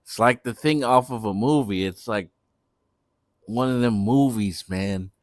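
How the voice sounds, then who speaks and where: A man's voice: on the low side, a little slow, no room sound. A young man telling a party story in a laid-back, slangy way. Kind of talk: casual storytime vlog.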